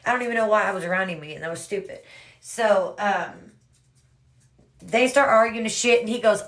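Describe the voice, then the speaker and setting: A woman's voice: mid-range voice, moderate pace. A woman casually telling her own story to viewers, rambling and swearing freely, often calling out "you guys".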